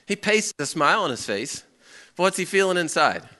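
A man teaching a Bible class in a lively way. He tells a story and keeps asking his listeners questions. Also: high voice, brisk. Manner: lively, asks the audience questions, acts out a story. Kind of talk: interactive sermon with storytelling.

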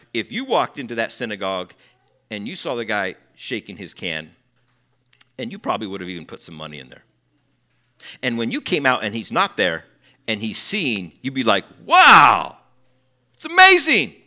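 Male preacher, animated storyteller who acts out quotes, bright edge to the voice. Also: on the low side, normal speed, long pauses. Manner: conversational asides to the congregation. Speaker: pastor. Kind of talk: sermon.

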